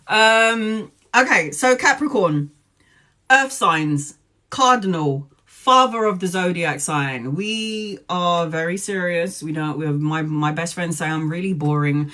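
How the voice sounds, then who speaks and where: A woman's voice: on the low side, expressive, measured pace, sharp tone. A woman talking casually on a live stream as a tarot reader, chatty and joking, laughing often. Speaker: tarot reader livestreaming to viewers.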